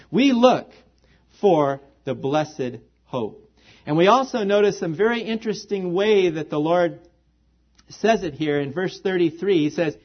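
A man's voice: on the high side, breathy edge. A man preaching a sermon as pastor, earnest and full of rhetorical questions to the congregation. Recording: dull lo-fi recording.

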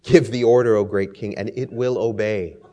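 A man doing fawning flattering courtiers. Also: lowish voice, normal speed, lightly acted. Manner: flattering, eager to please.

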